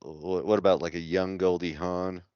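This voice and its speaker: A man with a very deep voice chats in an easygoing way as a podcast co-host. The sound is dry and close, with a dull lo-fi quality. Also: level tone, moderate pace, darkish tone, smooth, no echo. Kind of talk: casual chat.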